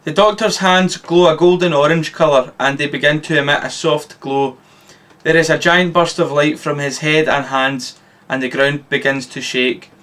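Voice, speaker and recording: A man from Scotland reading his own short story aloud in a deadpan, matter-of-fact way. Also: on the high side.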